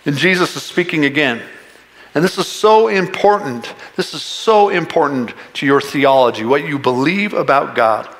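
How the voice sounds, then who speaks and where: A man preaching a sermon as pastor, animated and rising to shouts to stress a point. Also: on the high side, moderate pace. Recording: long reverb of a large hall.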